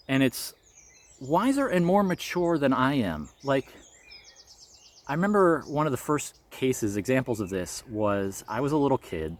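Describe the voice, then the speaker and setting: A man vlogging about his spiritual experiences, telling a personal story in an earnest, reflective way with light laughs. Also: medium pitch.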